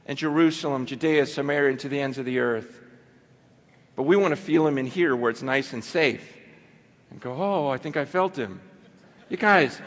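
Impassioned male preacher in a reverberant hall. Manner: impassioned, building to near shouts then dropping low. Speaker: pastor. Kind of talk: sermon.

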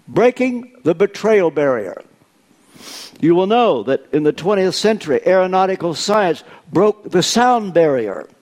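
A man's voice: high voice, very animated, darkish tone. An older man preaching a sermon, telling stories with dry humor. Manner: unhurried storytelling with dry humor.

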